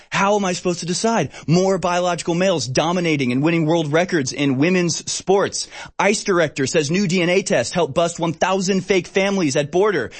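An exasperated male talk show host rants through the day's news, his voice sitting a little high for a man. He talks with sarcasm, frequent fillers and short laughs. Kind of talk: ranting news commentary.

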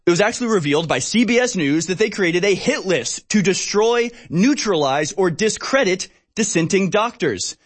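A man's voice: sits high, animated, normal speed, few pauses. A man hosting a talk show, running through news stories in an exasperated, sarcastic rant full of fillers and short laughs. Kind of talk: ranting news commentary.

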